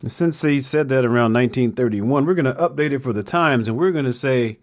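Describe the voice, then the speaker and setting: A man's voice: mid-range voice, fairly quick, hardly any pauses. A man hosting a motivational podcast monologue, with playful, jokey asides.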